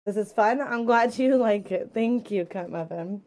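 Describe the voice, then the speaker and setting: A woman's voice: medium pitch, moderate pace, dark tone. A woman hosting a casual podcast from her home stream office, chatting with viewers in a playful, teasing way.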